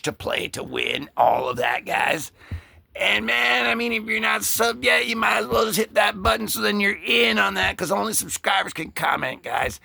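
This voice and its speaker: A man hosting a casual comic book read-through, joking and rambling as he voices the characters in quick asides. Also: high-pitched, gravelly, bright, forceful tone, no echo. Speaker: comic book channel host.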